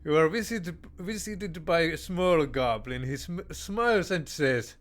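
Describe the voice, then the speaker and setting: A man's voice: fairly high pitch, animated, a little slow, fairly bright tone. A man playing a text strategy game. He reads the game text aloud and comments in a hesitant way, with many fillers and restarts and joking mock-tyrant verdicts. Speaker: game player.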